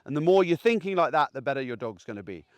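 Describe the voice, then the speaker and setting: A man's voice: fairly high pitch, sing-song, fast talker, smooth, dry recording. A man, a gundog trainer, giving plain-spoken, chatty training advice outdoors in a field. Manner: chatty, plain-spoken, keeps checking in with "okay?".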